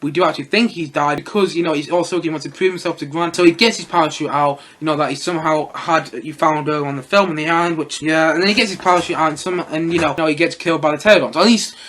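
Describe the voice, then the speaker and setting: Fast-talking young male film reviewer. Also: a little high, fairly even intonation, a bit bright, a little hiss or hum. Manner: chatty, rambling, lots of fillers and little laughs. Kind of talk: casual solo film review.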